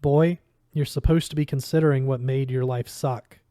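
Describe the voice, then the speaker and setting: A man's voice: mid-range voice, fairly even intonation, moderate pace, dark tone, dry recording, clean studio sound, natural voice. A man reading aloud, voicing a blunt, chain-smoking older woman who talks brusquely and directly.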